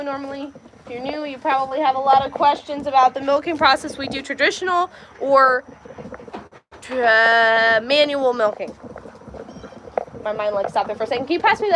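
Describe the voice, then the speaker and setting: Over background noise, a livestream host with a high-pitched voice does her farm chores, chatting with her viewers, talking to the animals and laughing a lot. She films on a handheld phone as she moves through the farmyard and barn.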